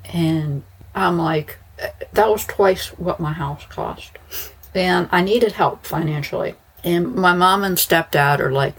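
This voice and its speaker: A woman's voice: lowish voice, slow pace, slightly rough, rough recording. A woman podcast host chatting in a rambling, casual monologue, her speech slightly slurred after dental surgery. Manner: rambling, chatty, frequent restarts and fillers.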